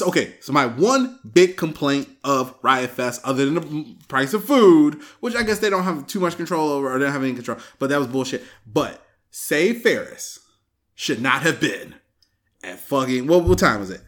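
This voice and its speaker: A man's voice: fairly high pitch, a bit bright. A young man hosting a podcast in casual chat, swearing and laughing often as he acts out voices of people he talks about. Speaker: podcast host. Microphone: headphones on, podcast mic.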